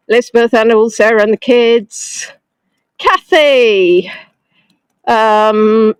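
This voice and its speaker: A woman's voice: fairly high pitch, clear, resonant tone, dry recording, poor audio. A woman leading a live-streamed walking tour outdoors in the snow, chatting and greeting viewers by name, filmed on a phone held close on a gimbal. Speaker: virtual tour guide. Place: outdoors in a snowy town street. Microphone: phone on a gimbal held close to the face.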